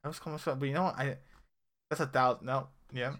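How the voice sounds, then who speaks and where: A man's voice: medium pitch, fairly even intonation, fast, a bit bright. A man casually recapping a TV episode on a podcast, rambling and correcting himself as he goes. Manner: rambling, self-correcting, laughs often. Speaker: podcast co-host.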